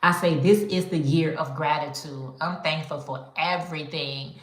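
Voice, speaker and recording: A woman's voice: low-pitched, steady tone, normal speed. A woman hosting a casual live chat, talking chattily and calling her viewers y'all. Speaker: livestream host. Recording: echoey room.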